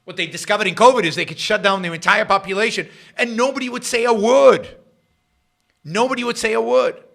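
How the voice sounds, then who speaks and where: A middle-aged man hosting a political talk livestream, sarcastic and rambling, jumping between loud emphasis and quiet muttered asides. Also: high voice, steady tone, fairly quick, creaky. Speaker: host of a political talk show. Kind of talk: livestream commentary.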